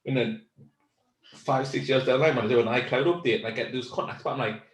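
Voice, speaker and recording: A man's voice: mid-range voice, steady tone, fast talker. A man with a Sunderland accent co-hosting a casual chat over beers, telling rambling stories and laughing along. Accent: Sunderland (Mackem). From Sunderland, England. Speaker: podcast co-host. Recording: echoey room with faint ambience.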